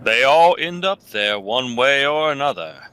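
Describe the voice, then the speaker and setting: A man's voice: mid-range voice, expressive, sharp tone, clean tone, rough recording. A man playing a grim, solemn man of faith. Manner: slow, solemn, dramatic delivery.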